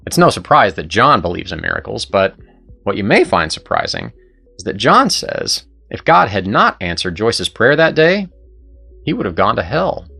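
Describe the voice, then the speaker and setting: A man's voice: fairly low pitch, very animated, normal speed, vocal fry, sharp tone, slightly rough, soft background music. A man hosting and narrating a scripted story in an earnest, persuasive way. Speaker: host and narrator.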